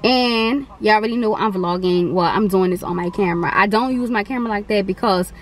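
A woman's voice: medium pitch, fairly quick. Young woman vlogger, chatty and slangy, faint hiss behind. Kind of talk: casual mukbang vlog chat.

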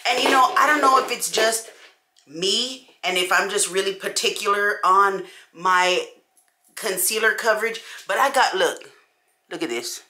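Chatty woman, bright echoey voice. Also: medium pitch, a little slow. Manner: animated, chatty, addresses viewers as y'all. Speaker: beauty vlogger. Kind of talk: casual chat to camera. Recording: echoey room.

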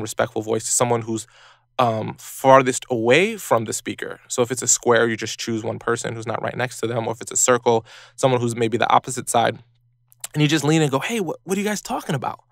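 Brief: male podcast host, gravelly, dry close sound, lively advice talk. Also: dry recording. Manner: animated, acts out quoted people in high voices.

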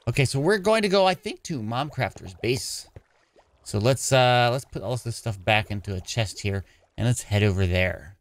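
A man's voice: medium pitch, expressive, normal speed, dry recording. A man with an ordinary, mid-range voice chats his way through his own gameplay in a casual, playful manner. He drops into a jokey pirate voice now and then. The sound is close and dry, with no room around it. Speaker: gaming channel host.

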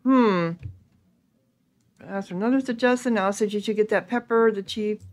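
A woman playing a video game and reading its text aloud, thinking out loud casually with hums and ums. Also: medium pitch, normal speed. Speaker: gaming video creator.

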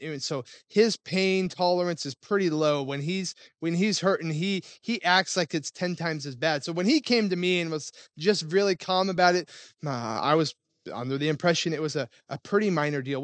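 A man's voice: a little high, no room sound. A man in his thirties, a pastor telling a family story in a conversational sermon. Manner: conversational storytelling with fillers and restarts.

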